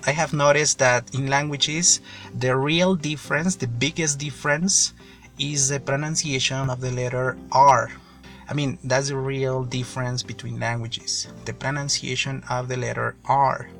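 A man from Mexico, a native Spanish speaker, talks through a casual English lesson with a bright, gravelly, fried voice. He rambles and repeats himself, pausing to explain words, while faint music plays behind. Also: mid-range voice. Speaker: English learning podcaster. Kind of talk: casual spoken monologue lesson.

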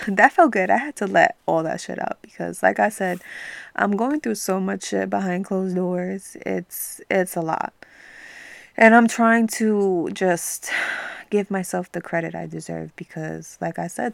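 Woman, podcast host, gravelly, dry close sound, emphatic, cussing motivational talk. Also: mid-range voice, fairly bright tone, dry recording. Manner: emphatic, swears freely, pep-talk tone.

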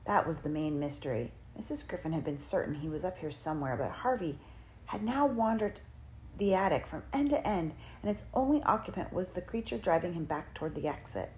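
Low-voiced woman narrating an audiobook. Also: animated, a little mellow, a little hiss or hum. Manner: measured, dramatic storytelling. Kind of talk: scripted narration.

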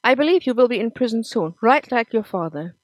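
A woman's voice: on the high side, expressive, brisk, no room sound, pitched above the performer's own voice, natural voice. A woman reading the lines of a spiteful, cruel woman who taunts and sneers, in a dry close recording. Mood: taunting.

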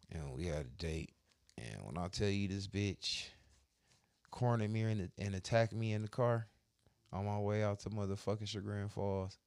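A man with a fairly low voice tells crude stories in a blunt, profane, offhand way, getting heated as he retells his arguments. He works as a barber and co-hosts a casual podcast. The recording is dry, with no room sound. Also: darkish tone, no room sound. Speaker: podcast co-host.

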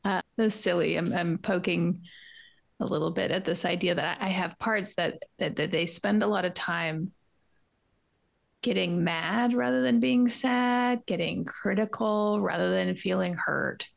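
A woman's voice: fairly low pitch, measured pace, creaky. A woman co-hosting a podcast from her home art studio, talking in a candid, self-searching way with tender, trailing asides. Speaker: podcast co-host. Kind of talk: casual reflective conversation.

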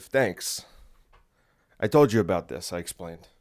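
A man with a somewhat low voice hosts his own solo podcast. He chats in a loose, joking way and keeps wandering off topic. He records from his bedroom at home. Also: expressive, measured pace, a little mellow. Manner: restless, jokey, easily sidetracked. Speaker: podcast host. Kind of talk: rambling solo podcast chat.

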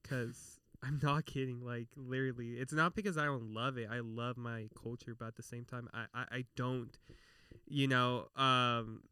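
A man's voice: mid-range voice, fairly even intonation, normal speed, sharp tone, clean tone, no echo, studio quality. A young man from Texas with a southern twang, chatting casually and rambling with lots of filler words. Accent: Texan southern. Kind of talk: casual chat.

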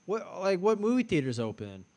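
A young man in his twenties co-hosting a podcast. He talks in a laid-back, joking way, trading quick banter with his friends. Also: sits high, very animated, darkish tone. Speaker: podcast co-host. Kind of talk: casual chat.

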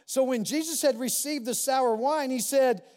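High-voiced male pastor preaching in a hall. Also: moderate pace. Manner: animated, emphatic, repeats key phrases. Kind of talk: sermon. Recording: long reverb of a large hall.

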